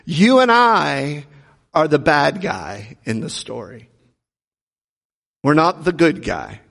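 Gravelly pastor preaching in a reverberant hall. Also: male voice, a little high, big pitch swings, takes it slowly, a bit bright. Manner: earnest, storytelling with rhetorical questions. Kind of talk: sermon. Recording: long reverb of a large hall.

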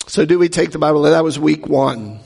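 A man with a fairly high, gravelly voice delivers a teaching sermon. He keeps it conversational and throws questions at his listeners. His voice rings with the long reverb of a big hall. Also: brisk, a little mellow. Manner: conversational, asks the audience questions. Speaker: pastor teaching a Bible class.

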